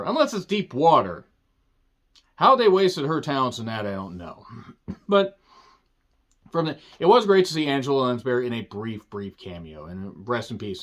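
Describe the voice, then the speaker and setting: A man's voice: medium pitch, a bit bright. A man giving a casual spoken movie review, rambling and digressive, with offhand jokes and casual swearing.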